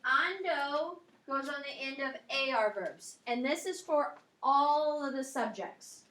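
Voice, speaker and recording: A woman's voice: on the high side, fairly bright tone, roomy sound, poor audio. A woman Spanish teacher giving a classroom grammar lecture, explaining step by step and checking in often with "okay?" and "um".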